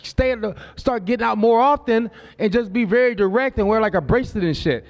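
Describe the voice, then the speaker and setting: A man's voice: high voice, brisk. A man in his forties doing a profane, loose, conversational stand-up comedy set on a club stage. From Southern California. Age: 40s.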